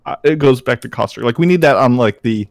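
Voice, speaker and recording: A young man co-hosting a podcast, talking in a relaxed, loose way full of fillers. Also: medium pitch, fast, gravelly, no echo. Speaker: podcast co-host. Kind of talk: casual anime review chat.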